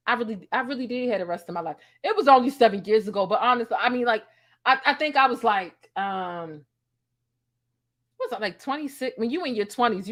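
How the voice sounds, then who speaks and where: A woman's voice: fairly high pitch, a bit bright. A woman in her thirties telling a story in a casual, sassy and profane way, acting out the dialogue. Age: 30s. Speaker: host.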